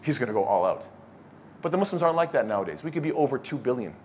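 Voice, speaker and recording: A man's voice: mid-range voice, big pitch swings, rapid-fire, slight background noise. A man giving a blunt, scolding sermon to a youth circle, quizzing the audience with questions. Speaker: speaker at a youth study circle. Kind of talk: lecture-style sermon to a live audience.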